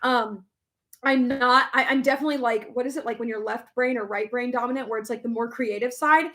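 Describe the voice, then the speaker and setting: A young adult woman chatting casually as a vlogger, reading comments aloud, emotional and quick to laugh, with many fillers. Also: on the high side, fairly even intonation, fairly bright tone. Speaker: vlogger reading live chat. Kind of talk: casual chat.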